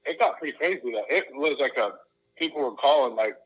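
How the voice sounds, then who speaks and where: A man's voice: medium pitch, expressive, quick pace, slightly rough, dull audio. A middle-aged man, a guest on a casual podcast, telling stories in a laid-back way and calling people dude. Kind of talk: casual chat.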